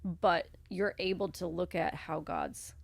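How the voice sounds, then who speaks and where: Lady podcast cohost, low voice with some fry, dry close mic, very chatty. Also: very animated, slow, dry recording. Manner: conversational, frequent "right?" and "like". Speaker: podcast co-host. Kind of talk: casual podcast conversation.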